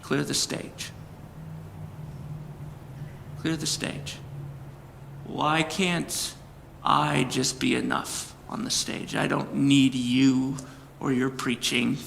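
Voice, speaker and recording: A man voicing the quiet, firm, insistent voice of God in a spoken story. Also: medium pitch, steady tone, extremely slow, vocal fry, pauses often, big-room sound, slight background noise, heavily acted. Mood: hushed. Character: hushed divine voice of God, calm and firm.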